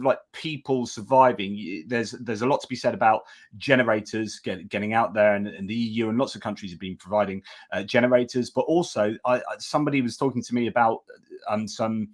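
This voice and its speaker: Reflective man hosting a live stream. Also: on the low side. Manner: thinking aloud, many fillers and restarts. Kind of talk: casual live-stream talk.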